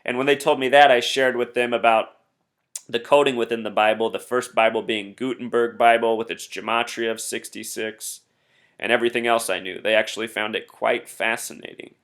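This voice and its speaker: A man's voice: mid-range voice, steady tone, a little fast, a bit bright. A man hosting a solo commentary video, earnestly explaining number codes and reading out quotes. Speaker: conspiracy video host.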